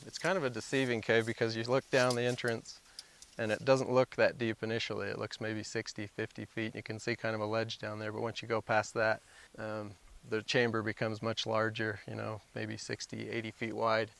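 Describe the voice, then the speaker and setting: A man's voice: on the low side, monotone, moderate pace, vocal fry, fairly bright tone. A man casually explaining what the cave looks like in a documentary interview. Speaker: caver describing the cave.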